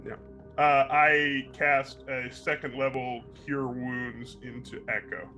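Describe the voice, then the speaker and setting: A man's voice: mid-range voice, flat delivery, slow pace, pushed and bright, faint music behind. A man playing a tabletop game, making wry remarks and short asides while he casts healing spells. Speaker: player. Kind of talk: casual tabletop play.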